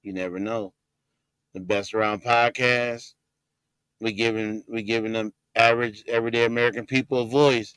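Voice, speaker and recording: A male podcast host talks in a relaxed, rambling way, circling back over his phrases. His voice is bright and smooth. The sound is close and dry. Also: medium pitch, moderate pace, dry recording, low-quality recording. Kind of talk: casual podcast chat.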